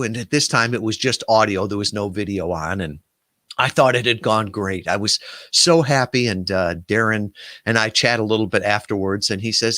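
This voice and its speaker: A man with a voice of ordinary pitch talks through casual advice, animated and conversational, with plenty of ums and uhs. His voice sits close to the microphone in a dry space with no room sound. He comes across as someone who hosts and books podcast guests. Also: dry recording. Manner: animated storytelling with fillers. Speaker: podcast booking agency owner.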